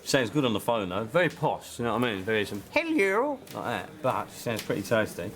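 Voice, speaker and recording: A lower-voiced man, talking with wry, self-deprecating humour. He sounds like a sitcom lead, and there is a faint hiss under his voice. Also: fast talker. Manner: wry, self-mocking banter. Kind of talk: scripted sitcom dialogue.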